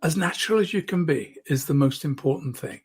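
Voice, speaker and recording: A man with a slightly high, husky voice gives an online lesson on public speaking. He speaks close to a microphone and often demonstrates by dropping to a soft, intimate voice. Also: animated, a little fast.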